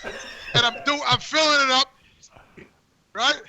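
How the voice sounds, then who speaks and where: High bright stammering New man. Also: steady tone, takes it slowly. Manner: profane, stammering repeats. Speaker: guest calling in. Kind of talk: crude comic storytelling. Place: outdoors on a work job.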